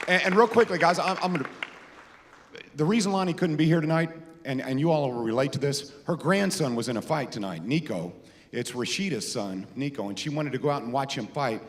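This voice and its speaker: A man giving an informal tribute speech at an awards dinner, telling anecdotes with restarts and repeated words. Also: mid-range voice. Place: large casino ballroom. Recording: echoey ballroom PA.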